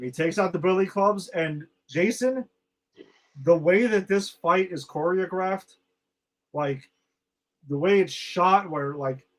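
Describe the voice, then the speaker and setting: Male podcast co-host, animated and profane, breaks down an episode in casual chat, voice pitched a little high. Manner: excited, swears freely, acts out quotes.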